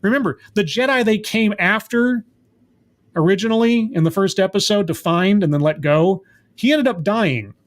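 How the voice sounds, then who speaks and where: Man, sarcastic show reviewer, high voice, exasperated, rambling recap. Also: moderate pace.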